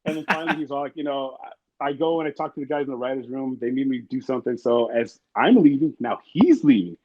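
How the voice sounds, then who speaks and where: Over a muffled, lo-fi recording, a man of medium pitch speaks fast as an interview guest, casually spinning rambling, foul-mouthed stories and acting out others' lines.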